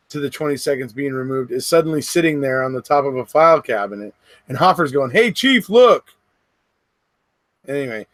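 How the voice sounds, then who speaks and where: Here a middle-aged livestream host from America's West Coast talks casually to his audience, wandering from topic to topic with quick bursts of laughter. His pitch sits in the middle, and there's no room sound.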